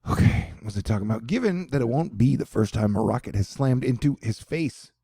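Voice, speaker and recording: Man, casual news commentary, joking asides, gravelly, dry close mic. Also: medium pitch, animated, a little fast, mellow, dry recording.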